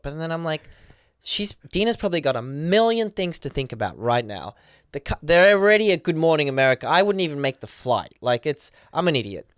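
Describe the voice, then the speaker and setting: Guy guest on a podcast, smooth clear voice, dry close sound, rattling off a story with lots of "like". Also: fairly high pitch, no room sound. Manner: excited, rapid retelling full of "like" and acted quotes. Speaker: podcast guest, professional dancer. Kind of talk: casual storytelling.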